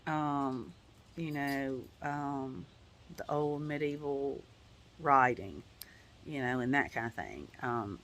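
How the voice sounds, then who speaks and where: In a low, fairly bright voice, a woman vlogs a casual personal update. She wanders through it with heartfelt feeling and many "you know"s, at times getting tearful.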